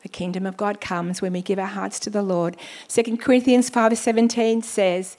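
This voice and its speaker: A woman pastor preaching a sermon, reading scripture slowly and deliberately, with exclamations of praise between points. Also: medium pitch, steady tone, darkish tone.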